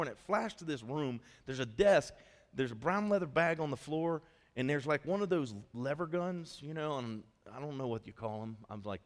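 A man preaching a sermon as pastor, telling a story in a lively, conversational way with quick asides. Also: a little high, long reverb tail. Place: church hall.

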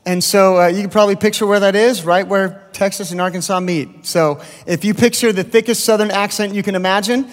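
Guest pastor, man, 30s: high, light voice, chatty and self-deprecating, lots of ums, long church-hall reverb. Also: fairly even intonation, fairly quick, few pauses. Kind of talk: sermon introduction, casual storytelling. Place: large church auditorium.

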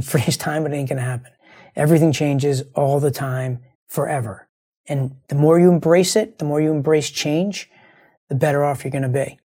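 A man's voice: a little high, dark tone, slightly rough. A man hosting a show, speaking in an earnest, rambling monologue to his listeners while grieving and close to tears, often repeating himself. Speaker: show host.

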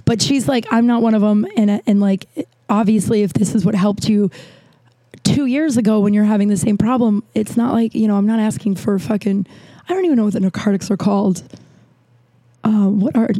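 A woman's voice: medium pitch, warm tone, no room sound. A young woman with long covid telling a frustrated story in a rambling, casual way, with frequent swearing.

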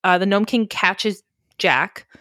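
A woman's voice: medium pitch, slow, bright, forceful tone, no echo, studio quality. A woman casually recapping a film on a podcast, telling it with energy, swearing freely and acting out the characters in funny voices. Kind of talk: casual chat.

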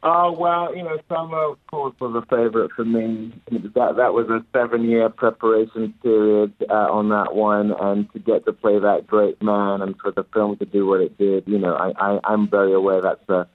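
English man, low voice, reflective radio interview guest, muffled lo-fi sound. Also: flat delivery, no echo. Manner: measured, reflective, stammers on restarts. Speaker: actor guest.

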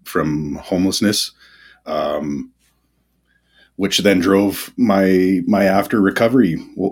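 Man, extremely deep voice, husky, podcast guest, candid, halting delivery. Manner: halting, candid, many fillers. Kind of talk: casual podcast interview.

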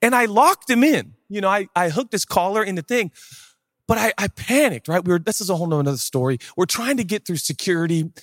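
A pastor telling funny stories in a sermon, jokey and animated, breaking into sudden loud shouts, on a church stage. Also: male voice, sits high, fairly quick, dry recording, clean studio sound. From Seattle area, USA. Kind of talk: humorous sermon storytelling. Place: church stage before a live audience.

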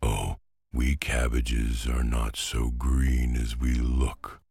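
A very stout, jolly cabbage from a storybook, out of breath and chatty, as a male narrator puts it on. The voice is deep, slow and very breathy, recorded dry. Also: fairly even intonation, a little mellow, no echo, full character voice.

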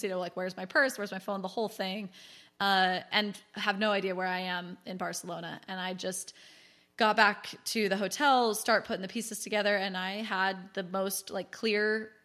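A woman in her thirties, a guest telling her own story in a candid, chatty way and acting out quotes. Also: mid-range voice. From California. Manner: chatty, animated, acts out quotes. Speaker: guest, business founder.

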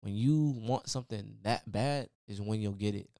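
A man's voice: on the low side, normal speed, mellow, dry recording, studio quality. A man hosting his own podcast, giving a casual, preachy motivational talk full of repeated "man" and "y'all.". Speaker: podcast host. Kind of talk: motivational solo podcast rant.

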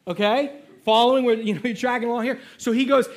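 A man's voice: very high-pitched, fairly even intonation, quick pace, hardly any pauses. A pastor giving a sermon in a casual, conversational way, with frequent asides to his listeners.

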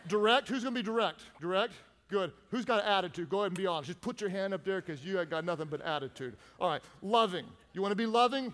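A pastor preaching a sermon, playful and animated, drawing the congregation into call-and-response. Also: male voice, high-pitched, long reverb tail.

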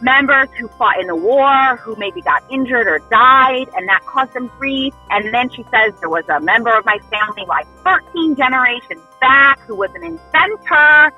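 Animated woman with a husky voice. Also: sits high, normal speed, few pauses, muffled recording, faint music behind. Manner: animated, breathless storytelling. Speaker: storyteller recounting a haunting. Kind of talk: casual chat.

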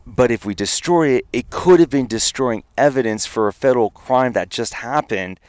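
A man's voice: medium pitch, normal speed, a little mellow, no echo, lightly acted. A man voicing a blunt, exasperated, gray-haired older police chief who talks casually and swears. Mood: blunt advice.

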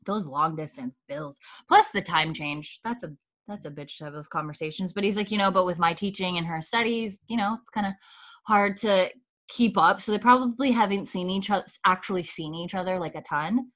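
Chatty Canadian woman, bright tone. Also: lowish voice, moderate pace. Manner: chatty, laughs often, acts out quoted lines. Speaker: podcast co-host recapping a TV episode. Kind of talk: casual chat.

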